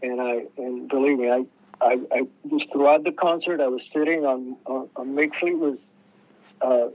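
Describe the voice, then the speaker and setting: Medium in pitch and steady in tone, an older man speaks at a normal speed as a musician guest. He tells stories in a loose, rambling way, restarting sentences and acting out what people said, during a casual interview that comes through with muffled lo-fi radio quality.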